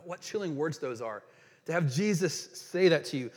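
A man preaches in a slightly high voice that rings through a church hall with a long reverb. He reads scripture passages aloud and then reflects on them as a pastor. He slows down for emphasis on key questions. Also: lively intonation, darkish tone. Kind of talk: sermon.

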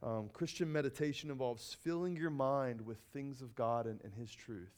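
A man giving an earnest sermon-style teaching, often repeating key phrases and pausing with ums and uhs. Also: mid-range voice, a little mellow.

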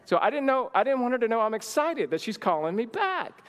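Male minister with a high voice, a casual storyteller in a church hall with long reverb. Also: fairly quick. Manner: lively storyteller, many "like" fillers. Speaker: church minister teaching a marriage session. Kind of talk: storytelling sermon.

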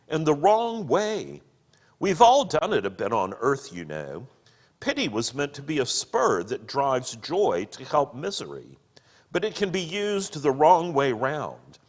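A man voicing a gentle, radiant heavenly woman who pleads with her husband, slow and earnest. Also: on the high side, sing-song, pitched above the performer's own voice, full character voice. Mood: pleading. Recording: long hall reverb.

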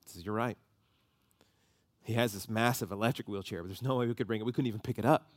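A man, preaching a sermon and telling a story with lively emotion. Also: fairly low pitch, fast talker, dry recording, clean studio sound. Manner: animated storytelling, voices rising with emotion.

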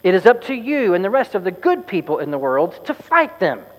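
A man voicing a pompous, exasperated old male sage who lectures slowly, loudly and tartly, in a reverberant church hall. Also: high-pitched, sing-song, pitched above the performer's own voice. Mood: lecturing. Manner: tart, loud and slow, lecturing.

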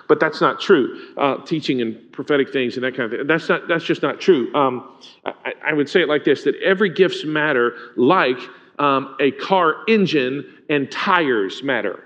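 A man's voice: mid-range voice, animated, moderate pace, a bit bright. A man preaching a conversational sermon as pastor, speaking informally and often asking the congregation questions. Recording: dull lo-fi sound.

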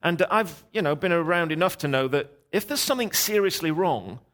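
A middle-aged man preaching as a guest, telling a story in a lively, animated way and voicing the people in it. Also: a little high, brisk. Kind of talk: sermon storytelling.

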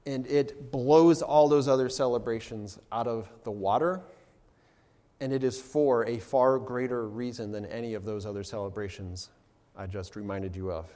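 A man in his thirties preaching a sermon and reading scripture aloud dramatically, rising to loud exclamations. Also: mid-range voice. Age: 30s.

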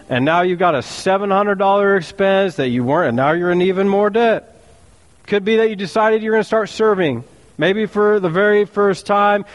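Man, pastor, sermon, high voice, animated, rhetorical questions, playful asides. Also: big-room sound.

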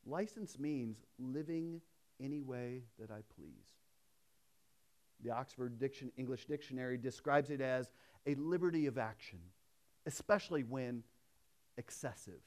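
A man preaching a sermon in a conversational way, swinging between emphatic raised passages and hushed storytelling. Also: mid-range voice, unhurried. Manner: conversational, with restarts and asides. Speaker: pastor.

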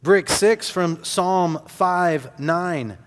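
A man preaching slowly and deliberately, leaning on key words and repeating them for weight. His voice sits a little high for a man. The sound carries a long reverb, as if in a large hall. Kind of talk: sermon.

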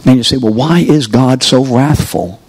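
Speaking at a moderate pace, this man has a medium-pitched, slightly rough voice. He is a preacher teaching a course, preaching a sermon to people gathered in a room, pushing them with rhetorical questions and urging them to answer.

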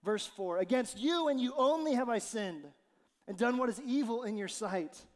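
Pastor guy preaching in a big hall, high voice, jokey and animated, long echo off the walls. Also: normal speed. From Ohio. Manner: animated, jokey, acts out quotes. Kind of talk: sermon.

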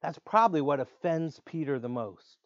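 A man preaching a sermon in an earnest way, slowing down to stress key words. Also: a little high, expressive, dry recording. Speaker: pastor. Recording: dull lo-fi dry sound.

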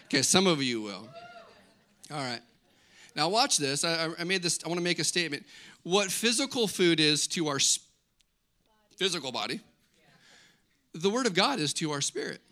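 A middle-aged man preaching a sermon as pastor, conversational and energetic, asking the congregation questions and joking with asides. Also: fairly high pitch, moderate pace, pauses often.

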